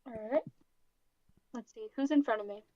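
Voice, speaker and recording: A woman's voice: fairly high pitch, moderate pace, mellow, no echo, lo-fi sound. A woman playing a tabletop game, talking in a playful, eager way. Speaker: player. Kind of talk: casual tabletop play. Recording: faint background noise.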